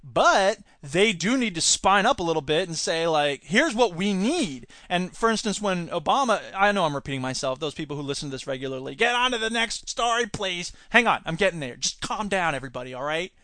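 A man's voice: high voice, lively intonation, a little fast, hardly any pauses, sharp tone, no echo, clean studio sound. An American man hosting a podcast, giving rambling, opinionated political commentary and mocking politicians by imitating them. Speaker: podcast host.

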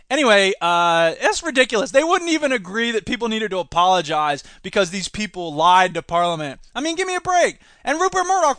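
A man's voice: high voice, very animated, fairly quick, hardly any pauses, a bit bright, no room sound. A man hosting a solo podcast, ranting sarcastically about the news. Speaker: podcast host.

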